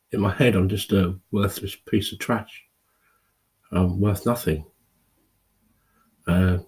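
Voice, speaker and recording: A tearful man in his fifties speaking a raw, halting personal monologue to camera, with pauses and restarts. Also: lowish voice, darkish tone, slightly rough. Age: 50s. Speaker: video blogger.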